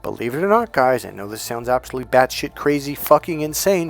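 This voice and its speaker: A man's voice: fast, few pauses, faint music behind. A man coaching on dating, talking casually and with energy, swearing freely and acting out other people's voices. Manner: animated, profane, acts out voices with big pitch jumps. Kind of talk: casual storytelling monologue.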